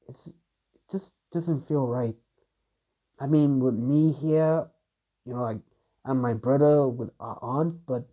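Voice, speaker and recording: A young man improvising a fan story, rambling and stacking up filler words as he goes, on a dull lo-fi recording. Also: a little high.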